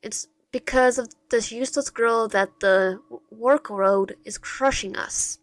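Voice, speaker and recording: A woman's voice: a little high, a little slow, dry recording. A woman voicing an angry masked young man in a game, mocking and resentful. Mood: bitter, mocking.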